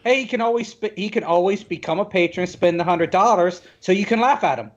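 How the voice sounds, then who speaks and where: A man's voice: sits high, a little fast. A man joining a podcast with joking, rambling asides in casual chat over a dull, lo-fi mic.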